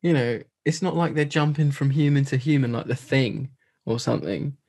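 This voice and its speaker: A man's voice: mid-range voice, normal speed, gravelly, darkish tone. A man co-hosting a podcast, chatting casually about a film with frequent laughs and incredulous asides. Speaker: podcast co-host.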